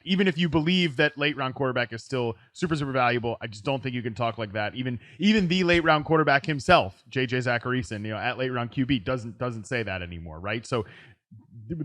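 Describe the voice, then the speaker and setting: A man hosting a casual sports podcast, talking in quick bursts with frequent restarts and "right?" tags. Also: mid-range voice, a bit bright, no echo. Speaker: podcast host. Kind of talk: casual fantasy football chat.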